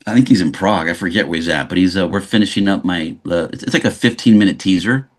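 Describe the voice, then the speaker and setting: A man from Los Angeles, speaking as a guest on an interview show. His voice sits fairly low, and he tells stories with lively energy, often stopping and restarting mid-sentence. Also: fast talker. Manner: animated storyteller, frequent restarts. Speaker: guest actor. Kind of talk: casual interview chat.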